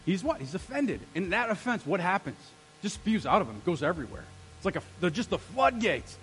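A male pastor preaching an energetic sermon, throwing questions out to the congregation. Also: high voice, fairly quick, slight background noise, low-quality recording.

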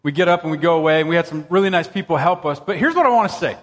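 A man preaching a sermon, telling a personal story in an animated, excitable way that jumps up into high exclamations. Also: very fast. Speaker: pastor. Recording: long reverb of a church hall.

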